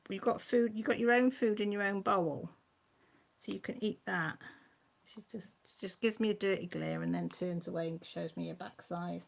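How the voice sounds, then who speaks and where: A woman chats loosely on a live stream from her home, picking up viewer comments and answering them as she goes. Her voice carries a gravelly fry. Her pitch sits in an ordinary middle range. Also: normal speed. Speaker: channel host.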